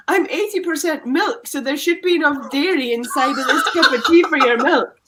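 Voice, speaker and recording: A woman's voice: high-pitched, moderate pace, lightly acted. A woman voicing a giddy, shrieking sausage roller coaster in live improv comedy. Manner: shrieking, excitable. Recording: noisy live stream.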